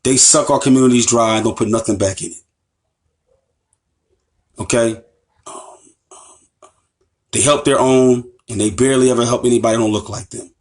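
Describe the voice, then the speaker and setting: A man's voice: mid-range voice, steady tone, normal speed, long pauses, a little mellow. An American man giving an impassioned lecture as an Islamic teacher, emphatic and repetitive, with rhetorical questions to his listeners. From United States. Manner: emphatic, repeats phrases, asks the audience rhetorical questions.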